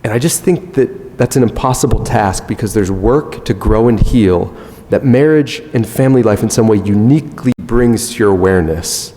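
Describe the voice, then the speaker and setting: A man in his thirties giving a conference talk, telling a self-mocking family story in an animated way. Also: fairly low pitch, normal speed, a little hiss or hum. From United States. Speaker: conference speaker. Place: large conference hall. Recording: long hall reverb.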